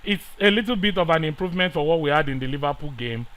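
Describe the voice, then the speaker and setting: A man giving excitable live commentary over a football management game, swinging between quiet muttering and loud pleading outbursts. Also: a little high, quick pace, poor audio. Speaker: gaming YouTuber.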